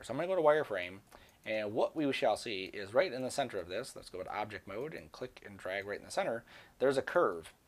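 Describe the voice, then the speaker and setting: Guy with a lowish voice walking thru a software tutorial, chatty, mutters to himself while he clicks around. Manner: casual, rambling, talks to himself while working. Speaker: 3D software instructor. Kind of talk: screen-recorded software tutorial.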